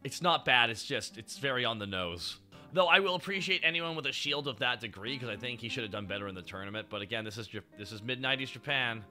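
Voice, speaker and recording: A man streaming, chatting with his chat in an animated way, swearing and laughing often. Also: medium pitch, quick pace, faint music behind. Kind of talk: casual chat.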